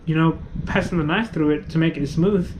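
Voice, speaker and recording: A man with a high, light voice tells a long story on a casual podcast. He rambles and swears freely, restarting sentences and leaning on fillers. A faint hiss of noise sits under his voice. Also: a little fast. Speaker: podcast co-host. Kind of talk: casual chat.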